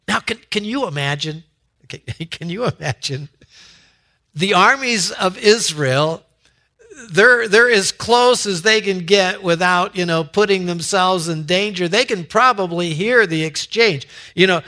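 Male pastor, sermon storyteller, bright tone, unhurried with frequent restarts. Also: high-pitched. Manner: storytelling with asides, halting restarts.

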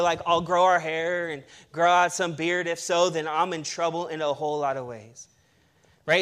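High-voiced man preaching with emphasis. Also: fairly bright tone. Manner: emphatic preaching with playful asides. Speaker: pastor. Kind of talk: sermon.

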